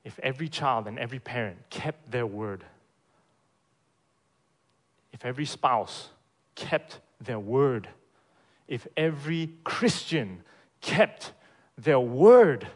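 A pastor preaches emphatically in church, posing rhetorical questions and often checking in with "right?", his volume moving between strong emphasis and quieter phrases. His mid-range voice has lively intonation, and he speaks slowly with frequent pauses.

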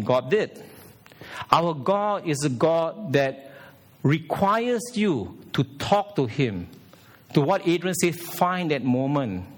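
A man preaching a sermon as pastor in a church, animated, with pitch shifting for emphasis and acted quotes. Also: measured pace.

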